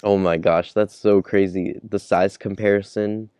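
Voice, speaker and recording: A man's voice: fairly low pitch, level tone, a little slow, a little mellow, clear, resonant tone, no echo. A man casually reviewing a manga chapter, laid-back, chuckling and thinking aloud. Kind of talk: casual chapter read-along.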